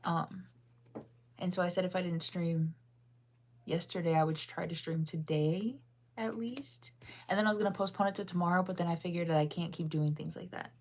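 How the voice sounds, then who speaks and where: A woman's voice: fairly even intonation, moderate pace, a little mellow. A woman in her thirties from the United States, rambling in casual chat on a livestream with lots of ums and laughs. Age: 30s. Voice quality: deep-sounding voice. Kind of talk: casual chat, reading chat aloud.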